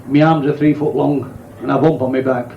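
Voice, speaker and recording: A man voicing a glum, deep-voiced man in a joke who slowly owns up to his oddities. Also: fairly even intonation, gravelly, distant mic, a little hiss or hum, lightly acted. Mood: gloomy. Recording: echoey, dull lo-fi club recording.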